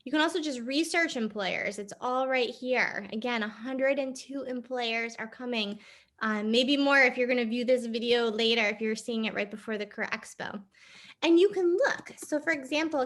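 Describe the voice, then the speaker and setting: Career services staffer, woman, brisk and upbeat online presenter, slightly high voice. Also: a bit bright. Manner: upbeat, explains while clicking through a screen.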